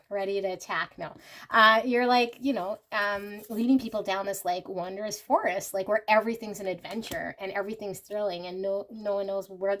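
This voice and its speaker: Female tarot reader, mid-range voice, relaxed off-the-cuff delivery full of "I feel like," reassuring toward the listener. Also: medium pitch. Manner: chatty and unscripted, often hedging with "I feel like"; warm and reassuring, addressing the viewer directly. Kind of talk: casual pick-a-card tarot reading.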